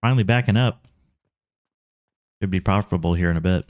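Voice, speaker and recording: A man's voice: deep voice, fairly quick, no room sound, clean studio sound. A man with a Texan accent chatting casually through a game stream, talking to himself and his chat and laughing often. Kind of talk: casual gameplay commentary.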